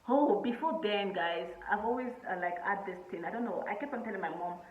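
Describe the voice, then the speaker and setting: A woman's voice: mid-range voice, fairly quick, phone-quality sound. Chatty young woman, echoey room. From Nigeria. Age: 20s. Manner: chatty, animated, laughs often, many fillers. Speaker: vlogger. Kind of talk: casual storytelling to camera.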